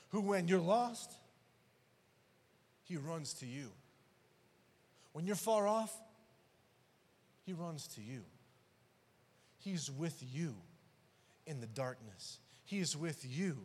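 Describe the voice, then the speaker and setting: A man preaching a sermon who swings between loud and hushed passages and acts out the dialogue of the story. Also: mid-range voice, slightly rough. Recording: long hall reverb.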